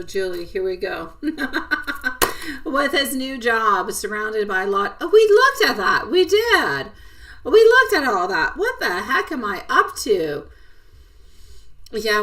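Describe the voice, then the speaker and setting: A woman's voice: mid-range voice, pushed and bright, distant mic. A woman giving a live tarot reading, chatting in a giggly, affectionate way and addressing viewers by name. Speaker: tarot reader.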